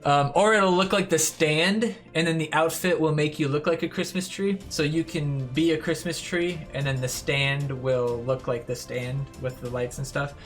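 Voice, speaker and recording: A man whose voice is going hoarse, hosting a mobile game update stream in a loose, profane, joking way. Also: fairly high pitch, fairly even intonation, moderate pace, few pauses, faint music behind. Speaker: mobile game YouTuber and host. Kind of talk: casual streaming commentary, reading viewer comments.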